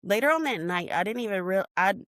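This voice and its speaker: A woman at a middle pitch tells a painful memory on a podcast, reliving it as she speaks and voicing her own past shouts. The recording is close and dry, with no room sound. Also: expressive, fast talker, dry recording. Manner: emotional retelling, reenacting her own shouts. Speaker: podcast guest. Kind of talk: personal storytelling interview.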